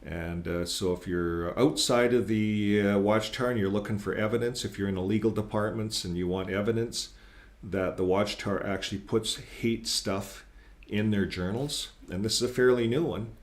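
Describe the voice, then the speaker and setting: A man's voice: on the low side, moderate pace. A man hosting his own channel, talking casually and earnestly, reading and commenting on articles, often repeating words and using fillers. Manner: earnest, critical, grows emphatic when quoting. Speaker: channel host.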